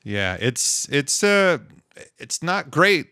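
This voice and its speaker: A middle-aged man hosting a podcast, talking in a relaxed, halting way with many pauses and restarts. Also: on the high side, clean tone, no echo, clean studio sound. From Idaho. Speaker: podcast host. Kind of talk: casual podcast chat.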